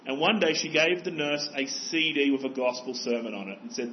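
A man's voice: medium pitch, lively intonation, fairly quick, hardly any pauses, dull audio, a little hiss or hum. A man preaching a sermon as pastor, earnest and exhorting, pressing his listeners with rhetorical questions.

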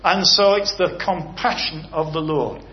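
Speaking a little slowly in a fairly high pitch, a man preaches earnestly, his emphasis rising and falling as he presses points with rhetorical questions. The sermon moves into a closing prayer, and the audio is slightly dull with a faint hiss beneath.

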